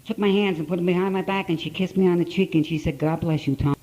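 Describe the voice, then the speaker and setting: Gruff, blunt older man telling his story. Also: sits high, steady tone, fast talker, darkish tone, highs cut off. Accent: Ohio. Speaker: speaker at a recovery conference. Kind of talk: storytelling talk at a conference. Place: conference hall, live talk to an audience.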